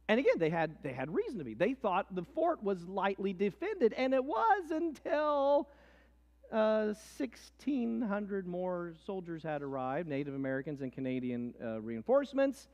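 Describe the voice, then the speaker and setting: A man teaching a history lesson as a lively story, swinging between hushed and excited delivery. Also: on the high side. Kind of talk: animated history lesson with acted quotes. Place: church hall. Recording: long hall reverb.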